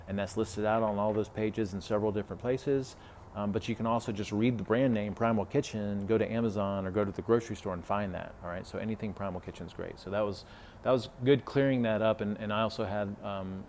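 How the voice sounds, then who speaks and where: A man's voice: fairly low pitch, a little mellow, a little hiss or hum. A man talking casually as a health coach, retelling a client conversation with lots of fillers and asides. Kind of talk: casual podcast talk.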